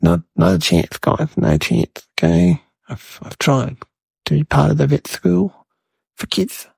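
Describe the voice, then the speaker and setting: Man playing a mischievous young boy, rambling comedy monologue, gravelly, raspy, dry close sound. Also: a little high, measured pace, darkish tone, dry recording, full character voice. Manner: rambling, addresses viewers as guys.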